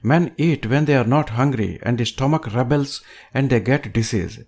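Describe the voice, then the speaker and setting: A man reading an audiobook aloud with a measured, emphatic delivery. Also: mid-range voice, a little mellow. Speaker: audiobook reader.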